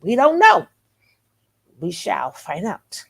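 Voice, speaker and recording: Slow, gravelly-voiced woman livestream host. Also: mid-range voice, wildly swooping pitch. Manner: playful, teasing, greets viewers by name. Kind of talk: casual livestream chat.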